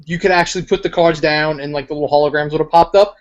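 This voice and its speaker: Higher-voiced podcast man. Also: steady tone, quick pace. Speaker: podcast co-host. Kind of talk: casual banter among friends. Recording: dull lo-fi sound.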